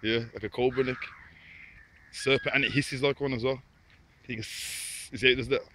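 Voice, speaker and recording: A man's voice: mid-range voice, fairly even intonation, a little fast, pushed and bright. A man vlogging by a lake, chatting in a laid-back, repetitive way and talking to the birds. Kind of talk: casual chat to camera. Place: outdoors by a lake. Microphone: phone. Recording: noisy outdoor phone recording.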